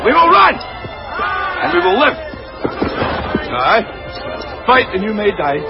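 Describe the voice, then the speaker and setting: Defiant Scottish war leader; slow, high, rousing speech over score and crowd; dull film sound. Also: male voice, sing-song, over loud music, heavily acted. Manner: rousing, impassioned speech to troops. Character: defiant male rebel leader rallying an army. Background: film score and army crowd.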